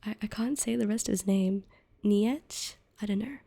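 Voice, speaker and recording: A woman's voice: mid-range voice, fast, gravelly, mellow, husky. A young woman streamer in a whispered ASMR chat, rambling and giggling at herself as she reads, close to the mic. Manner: giggly, rambling, self-deprecating.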